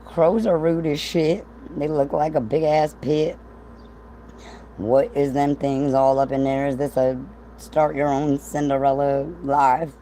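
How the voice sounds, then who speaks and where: A woman rambles through a casual livestream, profane and amused. Her voice sits low. A faint hiss runs underneath. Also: warm tone, rough recording. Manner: rambling, profane, laughs often.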